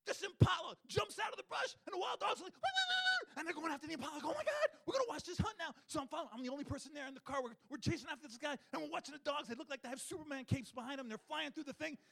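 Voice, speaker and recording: Excitable high gravelly man storytelling. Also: rapid-fire, hardly any pauses. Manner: excitable, acts out his own thoughts and the animals in big swings of voice. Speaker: wildlife photographer giving a talk. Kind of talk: animated storytelling talk to an audience.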